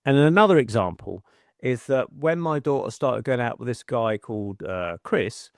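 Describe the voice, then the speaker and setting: A man's voice: mid-range voice, lively intonation, normal speed, no room sound, clean studio sound. A middle-aged man, a podcast guest telling chatty anecdotes and acting out quoted voices. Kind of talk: casual storytelling.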